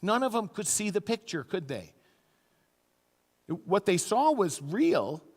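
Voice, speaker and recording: A middle-aged pastor delivers a storytelling sermon, his voice sitting notably high for a man. He now and then jumps into quoted lines with loud, high bursts. The sound carries a long church-hall reverb. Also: big pitch swings, slow. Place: church sanctuary.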